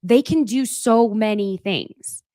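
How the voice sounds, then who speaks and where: She speaks slowly in a mellow, medium-pitched voice, with studio-quality sound and no echo. The thirtysomething host of a gossip show chats casually on a live stream, using pet names and making fun of herself.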